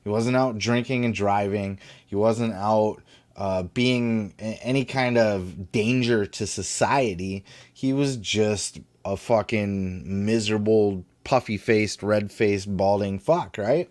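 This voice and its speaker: A man's voice: lowish voice, slow pace, darkish tone. Male podcast host: blunt, profane, rambling commentary in a casual tone. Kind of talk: casual wrestling news commentary.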